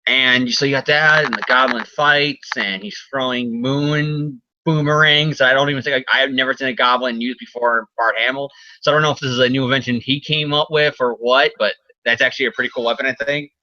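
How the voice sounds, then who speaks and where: Man chattering about comics, bright tone. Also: mid-range voice, fairly even intonation, a little fast, hardly any pauses, dry recording, dull audio. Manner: rambling, laughs often, acts out characters in exaggerated voices. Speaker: podcast co-host. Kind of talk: casual comic book discussion.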